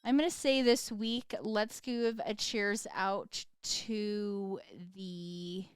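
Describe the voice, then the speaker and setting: A woman's voice: mid-range voice, steady tone, very slow. A woman co-hosting a podcast in casual chat, with a dry, teasing manner. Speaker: podcast co-host.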